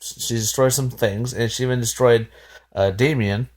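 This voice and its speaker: A man talking casually to his viewers as he recaps a family feud from a video. He rambles, restarts his sentences and sighs, sounding exasperated, in a mid-pitched voice. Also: fairly even intonation, normal speed, a little mellow. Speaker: reaction video host.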